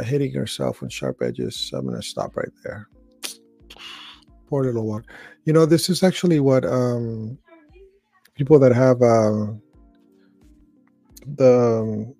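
Host, middle-aged man, dark gravelly voice, dry close mic, casual read-aloud with asides. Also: mid-range voice, no room sound. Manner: reads aloud with slips and restarts, adds asides. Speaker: host reading and reacting to stories.

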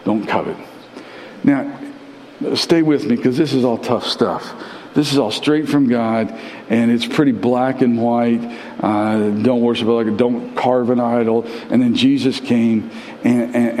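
A man preaching a sermon to his church, animated, with big swings in pitch and frequent repeated words for emphasis. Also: unhurried, slight background noise. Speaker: pastor. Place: large church sanctuary. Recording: long church-hall reverb.

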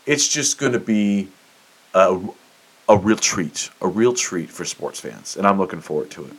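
A man's voice: low voice, animated, unhurried, slightly rough. Fired-up profane man. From United States. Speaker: podcast host. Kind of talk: solo opinion monologue.

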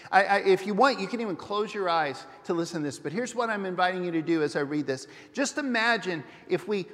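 Earnest pastor preaching in a reverberant hall. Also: male voice, high-pitched, a bit bright. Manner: earnest, questioning the congregation. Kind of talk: sermon. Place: church sanctuary.

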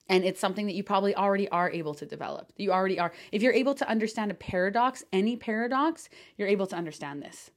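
A woman coach talks alone on her podcast at a middle pitch for her sex. She gushes and swears casually, and she fills her speech with "like" and restarts. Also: darkish tone. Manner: effusive, swears casually, lots of "like" fillers. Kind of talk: excited solo podcast talk.

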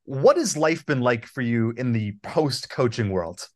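A man hosting an interview, asking long, measured setup questions with a few hesitations. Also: medium pitch, expressive, a little mellow. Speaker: podcast host.

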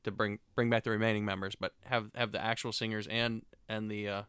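A man's voice: on the low side, level tone, brisk, a bit bright, clear, resonant tone, no echo. A man co-hosting a casual podcast, telling stories and tossing in dry, matter-of-fact quips. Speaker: podcast co-host. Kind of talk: casual chat.

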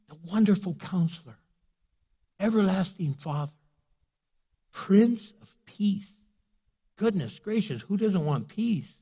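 Male pastor, husky voice, animated sermon delivery, echoing church hall. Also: fairly high pitch. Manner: animated, with joking asides and rising fervor.

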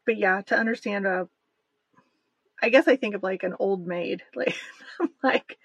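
Giggly chatty woman, husky voice. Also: mid-range voice, moderate pace, fairly bright tone, no echo. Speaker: podcast co-host. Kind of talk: casual chat.

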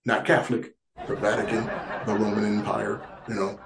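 A man's voice: fairly low pitch, flat delivery, moderate pace, gravelly, crowd noise. A man doing a stand-up comedy monologue, rambling and repeating himself, stammering through restarts and chuckling as he talks. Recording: echoey room, faint noise.

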